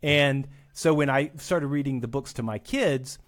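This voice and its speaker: A man's voice: mid-range voice, unhurried. A man chatting as a podcast guest, rambling and self-deprecating, often restarting his sentences. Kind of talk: casual chat.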